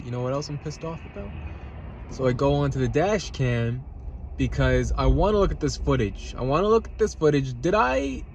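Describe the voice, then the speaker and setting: At home eating a salad, a vlogger with a somewhat high voice recounts a road-rage incident in a heated, profane rant. He repeats himself, and his voice spikes when he gets worked up; a little hiss or hum is audible.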